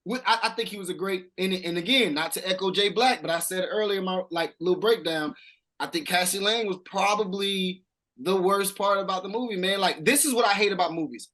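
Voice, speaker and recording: Male podcast panelist, lively and emphatic, cursing casually. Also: high-pitched, a little fast. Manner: animated, emphatic, swears casually. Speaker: film reviewer. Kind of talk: casual chat.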